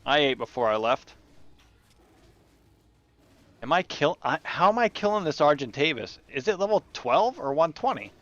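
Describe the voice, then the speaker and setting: A man's voice: a little high, very animated, normal speed, long pauses, fairly bright tone, no echo, muffled recording. A man hosting his gaming channel, chatting and rambling through his gameplay and talking to the animals in the game. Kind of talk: casual gameplay commentary.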